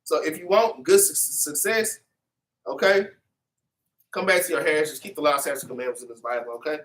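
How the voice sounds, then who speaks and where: A man's voice: on the high side, brisk, a bit bright, far from the mic. A man teaching an informal Bible class, preachy and repetitive, tagging his lines with "man" and "okay".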